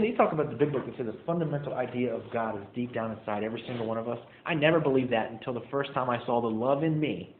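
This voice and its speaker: A young man sharing his recovery story with a meeting group in a loose, casual way, saying "man" and "like" often. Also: mid-range voice. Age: young adult. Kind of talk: personal story told to a group. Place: meeting room. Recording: echoey room over a tinny phone-like line.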